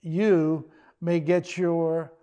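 Older male pastor, high-pitched, conversational sermon with wry humor. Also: little pitch movement, mellow, smooth, lo-fi sound. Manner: conversational, joking asides with quick restarts.

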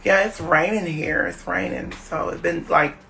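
A man chatting on a phone livestream, weary and halting, with many fillers. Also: on the high side, steady tone, vocal fry, sharp tone, faint music behind. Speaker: live streamer. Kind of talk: rambling casual livestream chat.

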